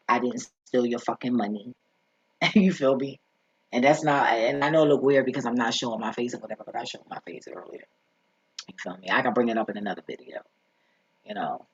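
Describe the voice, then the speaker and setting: Guy venting on his vlog, husky voice, cusses a lot, rambles, muffled lo-fi audio. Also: medium pitch, no room sound. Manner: rambling, profane and blunt, with frequent "you feel me". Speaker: vlogger. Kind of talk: casual storytime monologue. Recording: dull lo-fi recording.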